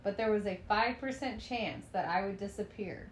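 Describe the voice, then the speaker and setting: A woman's voice: mid-range voice, moderate pace, echoey room, slight background noise. A young woman co-hosting a casual podcast with her partner, playful and teasing, laughing often as she talks. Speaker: podcast co-host. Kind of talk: casual couple's podcast chat.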